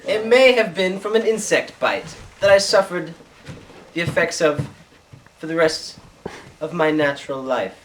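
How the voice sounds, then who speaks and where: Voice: mid-range voice, unhurried, a bit bright, lightly acted. A performer playing an earnest, rambling male Victorian naturalist in an amateur comedy skit, now and then slipping into a mock Australian twang. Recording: distant home video, faint hiss.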